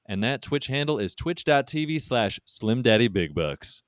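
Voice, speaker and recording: Man, podcast co-host and gamer, animated melody, dry recording. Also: mid-range voice, moderate pace, no echo. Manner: goofy, playful interjections. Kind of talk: casual podcast banter.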